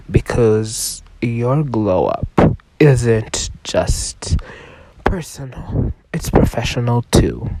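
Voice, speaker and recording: Hosting his self-help podcast alone while sick with a cold, this man sounds rough-voiced yet mellow, at a medium pitch. He keeps it casual and chatty, swears freely, and now and then slips into a whisper. The recording is rough.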